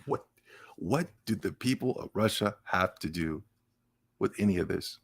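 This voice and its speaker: A man's voice: sits low, lively intonation, a little slow, creaky, husky. Sarcastic ranting male podcast host. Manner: laughs between remarks. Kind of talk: casual gaming news commentary.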